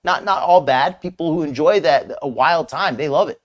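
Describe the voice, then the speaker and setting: A man's voice: a little high, moderate pace. A man hosting a live stream, commenting casually on a clip in a rambling, hesitant way with many restarts. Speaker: streamer host reacting to a clip.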